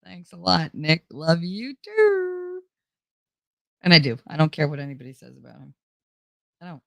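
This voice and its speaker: A woman's voice: low-pitched, quick pace, creaky, sharp tone, dry recording. A middle-aged woman hosting her own show, chatting casually with viewers, laughing often and swearing freely. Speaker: host.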